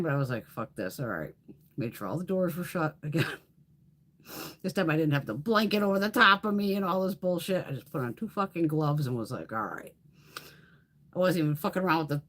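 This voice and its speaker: A woman with a lowish, husky voice chats casually on her beauty livestream. She tells stories in a lively, swinging tone and swears constantly. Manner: animated storytelling with frequent swearing. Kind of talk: casual chat.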